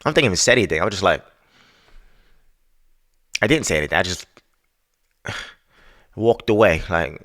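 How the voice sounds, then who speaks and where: A man's voice: low voice, animated, moderate pace, long pauses, fairly bright tone. A man hosting a podcast, telling a story in a casual, profane, exasperated rant. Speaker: podcast host.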